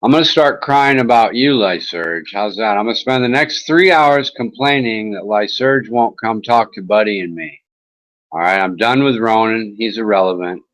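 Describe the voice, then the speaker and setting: A man's voice: fairly low pitch, moderate pace, fairly bright tone, poor audio. A man hosting an internet talk show, chatting in a casual, rambling way with mocking sarcasm and swearing.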